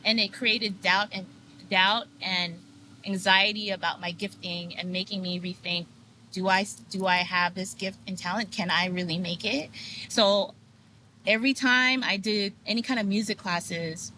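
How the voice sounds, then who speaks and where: A woman's voice: medium pitch, fairly even intonation, moderate pace, bright, forceful tone, a little hiss or hum, poor audio. A woman telling her personal story as a podcast guest, earnest and frank, with lots of fillers. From United States. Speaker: guest, sound healer. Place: video podcast set.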